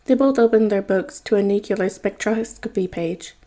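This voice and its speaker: Mellow woman reading fanfiction aloud. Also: mid-range voice, moderate pace. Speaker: podfic reader.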